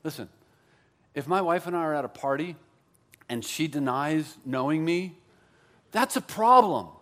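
A man's voice: a little high, lively intonation, normal speed, fairly bright tone. A man preaching a sermon as pastor, conversational and joking, with self-deprecating asides.

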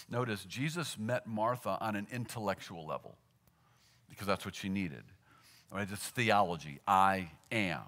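A man preaching a sermon, reading scripture and explaining it, swinging from loud emphatic peaks to soft low asides. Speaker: pastor.

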